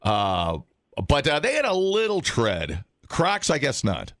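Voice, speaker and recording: A man, a jokey morning radio host who sometimes shouts for laughs. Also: fairly high pitch, wildly swooping pitch, slow. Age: late 30s. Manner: loud, jokey, shouts for comic effect. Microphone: studio mic.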